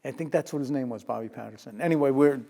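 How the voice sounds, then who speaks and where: An older man, a retired sports journalist telling lively stories in an interview, often laughing. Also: medium pitch, fast talker, gravelly, big-room sound. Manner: lively anecdotal storyteller who laughs and acts out quotes. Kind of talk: storytelling in a sit-down interview.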